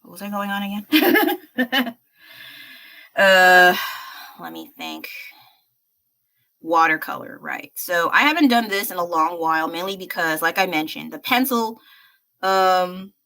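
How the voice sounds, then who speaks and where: A woman's voice: fairly low pitch, a little slow, gravelly, pauses often, sharp tone. A young American woman livestreaming while she paints, chatting in a rambling, self-deprecating way with fillers and laughs. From United States. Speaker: livestreaming artist.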